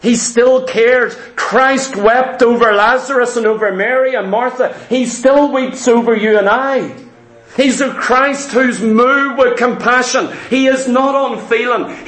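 A man's voice: extremely high pitch, a bit bright, echoey room. A man preaching a fervent sermon in a church, firing rhetorical questions at the congregation.

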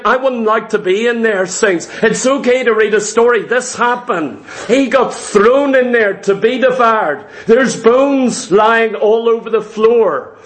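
High-voiced man preaching, emphatic, repetitive, rhetorical questions. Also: a bit bright. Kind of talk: sermon.

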